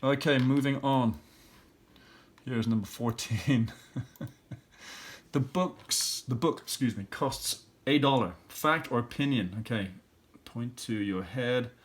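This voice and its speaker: A man's voice: mid-range voice, unhurried. A middle-aged man, an elementary school teacher, walking students through a recorded review lesson and thinking aloud step by step.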